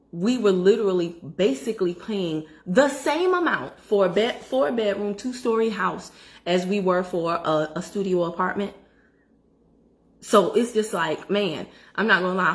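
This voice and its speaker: A middle-aged woman telling a personal story to her viewers in a casual, animated way, talking straight to the audience. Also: on the low side. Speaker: credit education vlogger. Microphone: phone.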